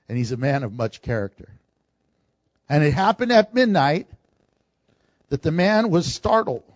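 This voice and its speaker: A man preaching a sermon, animated, acting out the lines he quotes and laughing often. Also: on the high side, dry recording, highs cut off.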